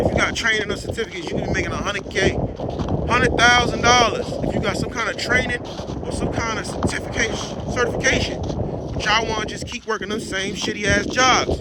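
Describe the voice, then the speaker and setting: A middle-aged man, a dog breeder, giving blunt, slangy, preachy advice in an outdoor vlog rant. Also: high-pitched. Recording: loud wind and boat noise.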